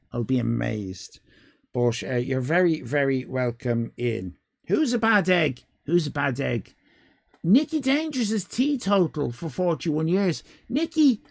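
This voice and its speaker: A woman's voice: sits low, vocal fry, no echo. An Irish woman hosting a live stream, chatting casually with viewers in cheeky, rambling banter and frequent swearing. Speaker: livestream host.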